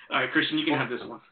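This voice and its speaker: Fast-talking man hosting a call-in show. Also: mid-range voice. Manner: fast, excitable, stumbling restarts. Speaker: show host taking calls. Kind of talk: casual call-in chat. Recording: tinny phone-like audio.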